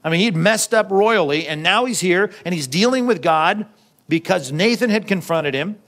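A man's voice: sits high, lively intonation, normal speed, fairly bright tone. A man preaching a sermon in a conversational way, often asking the congregation questions and repeating words as he goes. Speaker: pastor.

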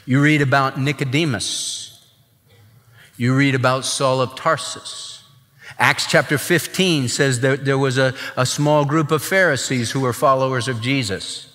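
A man preaching a sermon as pastor, emphatic and animated. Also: medium pitch, unhurried, long reverb tail.

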